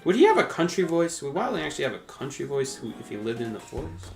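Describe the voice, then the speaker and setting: A man's voice: fairly high pitch, big pitch swings, fast, vocal fry, roomy sound, soft background music. A man chatting casually on a game live stream, laid-back and laughing often as he talks to viewers. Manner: laid-back, laughs often, calls chat "brother" and "dude".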